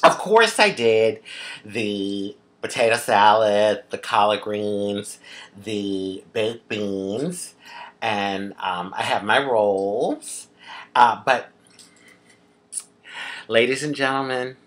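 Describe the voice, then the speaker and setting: A woman with a Philadelphia accent chatting through a casual home cooking vlog, expressive and quick to laugh. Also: very deep voice. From Philadelphia, USA. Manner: chatty, expressive, laughs often, drawn-out emphasis. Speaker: vlogger.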